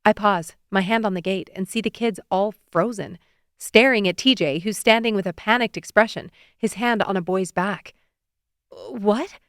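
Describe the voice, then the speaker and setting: A woman narrating a romance audiobook in the first person, expressive and giving feeling to the characters' lines. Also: mid-range voice, normal speed, clean tone, no echo, studio quality.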